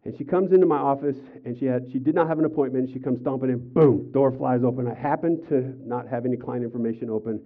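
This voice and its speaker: An older man preaching a sermon as pastor, telling personal stories with animated, acted-out quotes. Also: mid-range voice, quick pace, hardly any pauses. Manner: animated storytelling, acts out quotes with raised voice. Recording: tinny phone-like sound.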